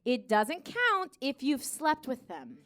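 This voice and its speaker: A woman from the United States, in her thirties, does stand-up on a comedy club stage before a live audience, her high, slightly bright voice swooping wildly in pitch. She rattles off sassy asides with plenty of "okay"s and gushes in put-on voices for those she quotes.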